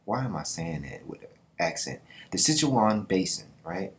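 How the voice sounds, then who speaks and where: A man hosting his own video channel, talking in a casual, slangy, animated way with quick asides and laughs. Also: low voice, a little hiss or hum. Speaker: YouTube host. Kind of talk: casual commentary.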